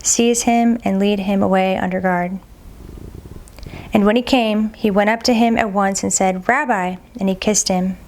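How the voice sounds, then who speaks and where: A woman reading scripture aloud at a steady, measured pace, sometimes stumbling on a hard name and repeating it. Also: medium pitch, a little hiss or hum. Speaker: Bible reader.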